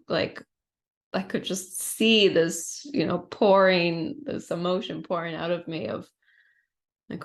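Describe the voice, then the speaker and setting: Woman, podcast guest, fairly low voice, reflective, casual storytelling, lots of "like" and "you know". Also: fairly even intonation, slow.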